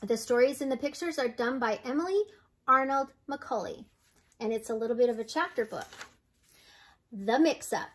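An older woman reading a picture book aloud for children in a clear, steady, friendly way. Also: a little high, normal speed. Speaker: storyteller.

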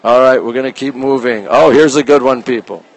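A man hosting a casual live stream from a phone as he walks through an art museum, reading out artwork titles slowly and greeting viewers by name, sometimes dropping his voice low. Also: dull audio. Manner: talks low at times to keep quiet. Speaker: livestream host touring a museum. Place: indoor art museum gallery.

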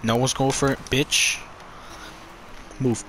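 A man commenting on his own gameplay, swearing a lot and swinging between loud outbursts and low muttering. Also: level tone, slow pace, slight background noise. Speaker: gamer.

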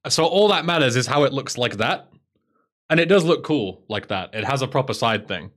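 A man's voice: mid-range voice, lively intonation, normal speed, a bit bright. A man with an English accent chatting casually on a live stream, sarcastic and swearing freely.

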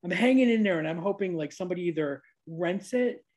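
A woman's voice: lowish voice, lively intonation, quick pace, a little mellow. A woman from upstate New York hosting a casual interview, chatty and full of fillers, laughing often. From Niagara Falls, New York, USA. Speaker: podcast host. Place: lives abroad, recorded at home with cats.

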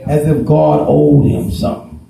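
A man preaching in a church, his voice dark and mellow yet pitched a little high. He tells Bible stories in a folksy way and rises into shouts. The sound rings around a very echoey room. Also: big pitch swings, normal speed, gravelly. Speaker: pastor. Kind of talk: sermon. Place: church sanctuary.

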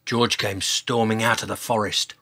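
A man reading a children's dinosaur story aloud, with dramatic sound words and expressive pacing. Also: lowish voice, normal speed.

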